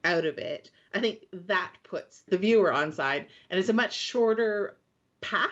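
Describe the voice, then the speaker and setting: A woman's voice: mid-range voice, animated, a little slow, a bit bright. A woman co-hosting a podcast, talking things through in a thoughtful, analytical way. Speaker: podcast co-host. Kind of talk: casual chat. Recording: dull lo-fi mic.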